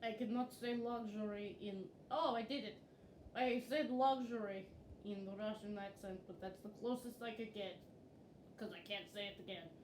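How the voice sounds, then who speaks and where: A woman's voice: medium pitch, normal speed, reverberant, a little hiss or hum. A playful woman chatting and teasing a friend while gaming, laughing often. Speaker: gamer co-host. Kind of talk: casual chat while gaming.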